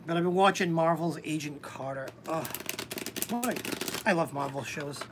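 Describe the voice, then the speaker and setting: A woman hosting a live-stream tarot reading, talking hesitantly with many pauses and ums. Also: low voice, very noisy.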